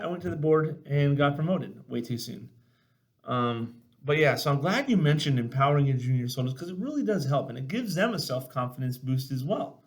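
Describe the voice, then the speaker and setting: A man hosting a podcast in casual chat, relaxed and halting. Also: fairly high pitch. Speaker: podcast host.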